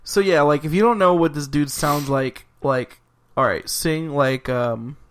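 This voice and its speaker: A man's voice: fairly high pitch, a little slow. Laid-back joking man co-host. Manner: laid-back, joking, slips into silly voices. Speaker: podcast co-host. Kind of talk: casual chat.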